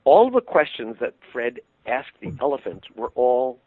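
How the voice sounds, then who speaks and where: An older man, a puppeteer, telling animated anecdotes in an interview and laughing easily. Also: mid-range voice, measured pace, husky, no room sound. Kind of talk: interview storytelling. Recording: tinny phone-line sound, dry.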